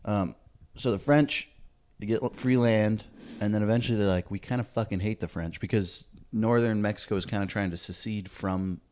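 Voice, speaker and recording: A man's voice: fairly low pitch, steady tone, moderate pace, hardly any pauses, darkish tone. A man co-hosting a casual comedy podcast, rambling through a loose history recap with fillers and swearing. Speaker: podcast co-host.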